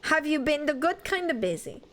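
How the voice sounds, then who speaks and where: High, lively woman streaming a game. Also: normal speed, a little hiss or hum. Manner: chatty, dramatic exclamations, talks to chat. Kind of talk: casual live gaming commentary.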